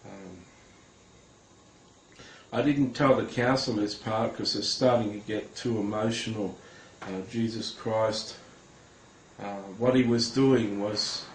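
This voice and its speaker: Man, lower register, earnest personal testimony, hesitant delivery, talks straight to the viewer; echoey room. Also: a little hiss or hum. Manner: earnest, halting, many hesitations, addresses viewers directly. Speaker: Christian recounting a vision. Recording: roomy with faint ambience.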